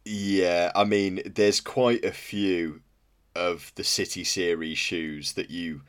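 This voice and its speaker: A man's voice: low voice, steady tone, slow pace, clean tone. A young man co-hosting a podcast, easygoing and laid-back as he tells stories and banters. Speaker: podcast co-host. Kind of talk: casual podcast chat.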